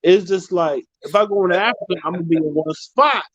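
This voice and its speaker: A man in casual chat, halting, repeating words as he searches for them. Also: sits high, no room sound, lo-fi sound. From United States.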